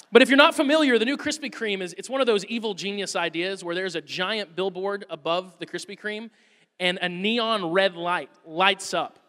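A man in his thirties preaching a sermon, telling a lively family story and acting out his children's voices. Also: high voice, in a large hall. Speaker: pastor.

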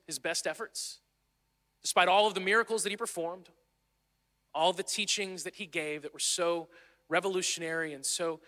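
A man's voice: a little high, pushed and bright. A man preaching a sermon in an earnest, conversational way, sometimes restarting his phrases. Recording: long hall reverb.

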